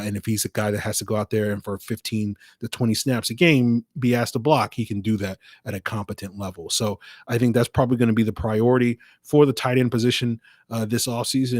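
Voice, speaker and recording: A man's voice: mid-range voice, dry recording. Dry-voiced man hosting a sports podcast. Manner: conversational, many fillers, dry sarcasm. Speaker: podcast host. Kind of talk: solo sports podcast commentary.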